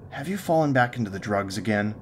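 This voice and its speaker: A man voicing a worried middle-aged father in a creepypasta reading, measured and sighing. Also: lowish voice, lively intonation, slight background noise, natural voice. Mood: worried, stern.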